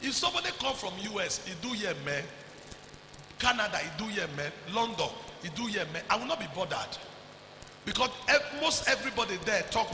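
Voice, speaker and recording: A man preaching a sermon as pastor, loud and emphatic, often shouting and slipping into Pidgin. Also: high-pitched, sing-song, brisk, reverberant, in a large hall, poor audio. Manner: preaching loudly with frequent shouts and Pidgin asides.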